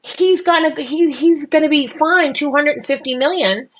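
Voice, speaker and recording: Brief: mock Boston-accented woman, shrill and exasperated, pitched way up, put on by a podcast co-host. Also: normal speed, close to an everyday voice. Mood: incredulous.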